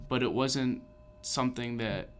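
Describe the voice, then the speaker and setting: A man's voice: medium pitch, steady tone, a little slow, smooth. Podcast guy rambling on about a movie, lots of "like", mid voice. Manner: rambling, restarts sentences, says "like" often. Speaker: podcast co-host. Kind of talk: casual chat.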